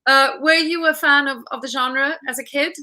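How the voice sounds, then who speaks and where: Bright-voiced woman interview host. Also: sits high, steady tone, normal speed. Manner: warm, encouraging, laughs along. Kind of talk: interview talk.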